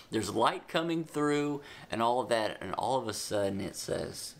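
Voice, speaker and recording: A man teaching a children's Bible lesson, retelling the story with animated emphasis and casual asides, slowing down when he dictates notes. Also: medium pitch, creaky.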